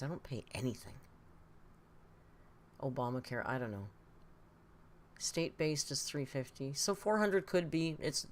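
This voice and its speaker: A woman's voice: rumbling low, slight background noise. A woman giving casual, sarcastic reaction commentary, blunt and swearing, answering viewers' comments as she goes. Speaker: commentary YouTuber.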